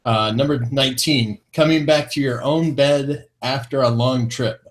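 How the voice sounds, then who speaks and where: A man with a mid-range voice and normal pace co-hosts a casual vaping talk show online. Cheerfully working through a feel-good list, he chuckles after each item and can't resist a corny joke.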